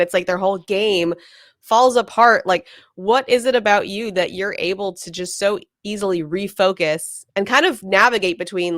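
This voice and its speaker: Woman co-host, eager long questions, fairly low voice, dry sound. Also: fairly bright tone, clean tone, no room sound. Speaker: podcast co-host. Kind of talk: casual interview chat.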